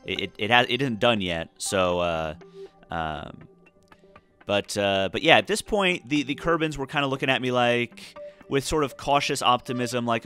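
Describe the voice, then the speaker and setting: A man's voice: mid-range voice, moderate pace, pushed and bright, soft background music. A tired man casually talking through a space game, rambling with lots of fillers and restarts. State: tired, yawning. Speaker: gameplay commentator. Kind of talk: casual let's-play commentary.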